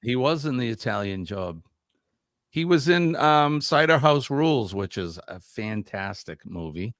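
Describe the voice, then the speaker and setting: A man's voice: medium pitch, sing-song, unhurried, fairly bright tone, dry recording, studio quality. A man hosting a casual live quiz stream, reading viewer comments aloud in an upbeat way.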